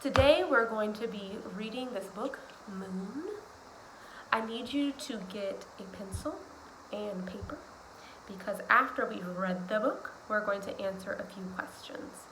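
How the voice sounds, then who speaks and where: Soft-spoken woman teacher, roomy echo. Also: mid-range voice, normal speed. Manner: soft-spoken, repeats instructions patiently. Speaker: speech-language teacher. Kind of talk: instructional talk and picture-book read-aloud. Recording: roomy echo with faint background hiss.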